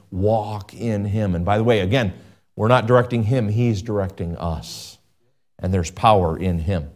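A man preaching a sermon as a pastor, emphatic, with big pitch swings and repeated phrases. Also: darkish tone.

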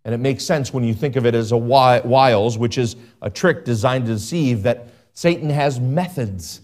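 A man preaching a sermon as a pastor, emphatic, with big pitch swings and repeated phrases. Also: normal speed, a little mellow.

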